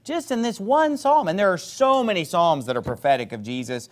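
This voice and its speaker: A man's voice: sits high, fairly quick. A man preaching, quoting King James scripture and animatedly acting out the voices of people he argues with. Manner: animated, acts out opponents' voices.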